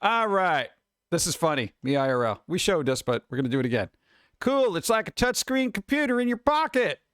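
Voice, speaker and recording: A man chatting casually on a stream, reading headlines and memes aloud and answering them with sarcastic, animated asides. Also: high-pitched, brisk, clear, resonant tone, no echo, clean studio sound. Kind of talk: casual live-stream chat.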